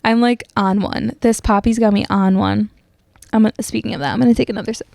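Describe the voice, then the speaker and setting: A woman's voice: medium pitch, fairly even intonation, fast talker, vocal fry, a little mellow, no room sound. Young woman, podcast host, casual rambling chat, lots of fillers, dry close-mic sound. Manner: chatty, rambling with many fillers and restarts.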